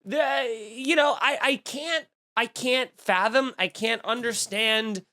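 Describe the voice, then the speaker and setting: A man's voice: extremely high pitch, takes it slowly, pushed and bright. A man hosting a comedy podcast, riffing in a snarky, profane monologue full of mock outrage. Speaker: podcast host.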